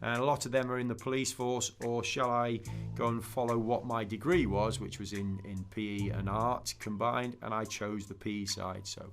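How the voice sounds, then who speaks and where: A middle-aged man talks easily as a podcast guest, rambling through answers and acting out a long joke in changing voices. Soft music plays faintly behind him. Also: lowish voice, moderate pace, few pauses. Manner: chatty, tells jokes with lively voiced characters. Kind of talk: casual interview chat.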